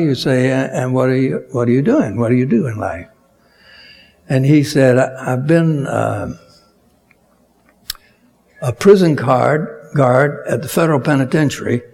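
A man delivers a sermon at an unhurried, measured pace. His voice has a gravelly, husky grain. He builds to strong emphasis on key words and then drops back down. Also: mid-range voice, expressive, darkish tone. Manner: slow, deliberate preaching with rising emphatic peaks. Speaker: preacher.

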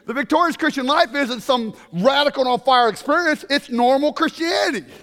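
A man preaching a lively sermon, joking with the congregation and acting out Bible characters as he goes. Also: extremely high pitch, brisk. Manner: playful, jokes with the crowd, acts out Bible characters. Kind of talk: animated sermon. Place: church sanctuary. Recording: long reverb of a large hall.

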